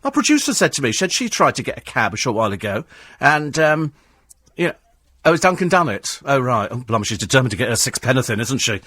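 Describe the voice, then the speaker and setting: A man's voice: mid-range voice, sing-song, fast talker, bright, forceful tone, slightly rough, dry recording. A man hosting a talk radio phone-in, combative and sarcastic as he answers listener texts in a studio. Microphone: studio microphone.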